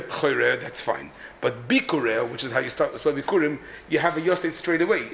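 A man's voice: a little high, fairly bright tone, slight background noise. A man teaching a text-study class, explaining the meter of a Hebrew poem with frequent restarts and repeated words. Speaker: Torah teacher.

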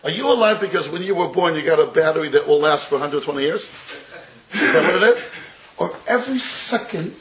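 A man, his voice sitting fairly high for a man, lectures on Talmud to a room of listeners. He keeps chuckling as he argues and slows right down to lay out each quoted phrase. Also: expressive, a bit bright, a little hiss or hum, poor audio. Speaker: Torah teacher. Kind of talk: Talmudic lecture to a live audience.

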